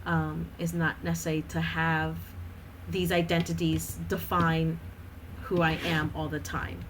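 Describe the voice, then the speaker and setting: A woman's voice: deep voice, flat delivery, a little slow, noisy background. A woman in her thirties, a podcast guest chatting casually with lots of fillers and frequent laughter.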